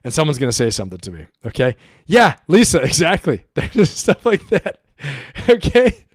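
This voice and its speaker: A man's voice: on the high side, wildly swooping pitch, moderate pace, slightly rough, no room sound, studio quality. A middle-aged man hosting a livestream, telling a story in a rambling, profane way and laughing often. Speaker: livestream host and coach.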